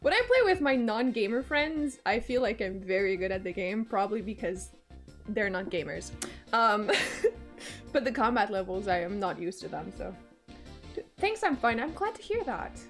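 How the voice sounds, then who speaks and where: A woman's voice: medium pitch, big pitch swings, moderate pace, faint music behind. A young woman streaming a game, chatting playfully with viewers and often breaking into giggles. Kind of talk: casual game-stream chat.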